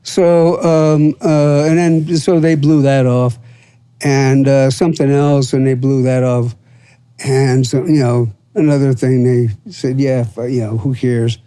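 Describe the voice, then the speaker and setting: Rambling profane older man, mellow voice. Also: medium pitch, flat delivery, slow pace, clear, resonant tone, dry recording. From Florida. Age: 70s. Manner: rambling, profane, full of fillers and acted quotes. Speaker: podcast guest. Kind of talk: casual storytelling.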